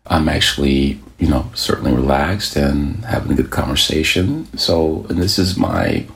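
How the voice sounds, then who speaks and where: A man with a very deep voice, relaxed and laid-back in casual chat as a guest. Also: moderate pace, vocal fry.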